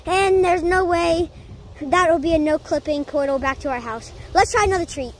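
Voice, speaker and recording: A woman playing out a homemade adventure in an excited, rambling way, full of filler sounds. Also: very high-pitched, moderate pace, a little hiss or hum. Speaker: narrator voicing the hero. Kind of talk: homemade adventure play-acting.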